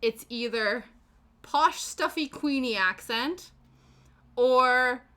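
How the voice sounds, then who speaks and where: A woman's voice: sits high, slow, sharp tone. A woman hosting a casual livestream, chatty and self-mocking as she crafts and chats. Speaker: livestream host.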